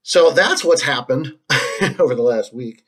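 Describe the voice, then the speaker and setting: A man's voice: medium pitch, animated, fairly bright tone, slightly rough. A man hosting a solo stream, talking in a casual, rambling monologue full of restarts, fillers and frequent laughs. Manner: halting, many restarts and fillers, laughs often.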